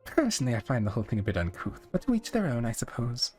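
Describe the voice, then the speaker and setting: A man's voice: medium pitch, sing-song, fast, darkish tone, faint music behind, pitched above the performer's own voice, natural voice. A man voicing a posh, dramatic adult mare who is a fashion designer, in a refined, theatrical manner. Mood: prim.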